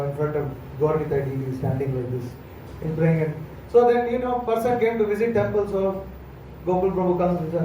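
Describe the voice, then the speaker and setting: South Indian man, high mellow voice, temple lecturer; roomy distant mic, faint hum. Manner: storytelling, acts out dialogue, many fillers. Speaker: monk lecturer. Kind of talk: morning lecture. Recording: echoey hall, far from mic, faint hum.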